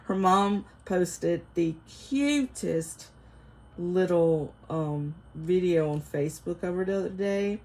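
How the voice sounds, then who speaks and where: A middle-aged woman with a Southern US accent, chatting casually to camera as a vlogger, folksy and quick to laugh. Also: on the low side, a little mellow. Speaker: vlogger reviewing a Bible study.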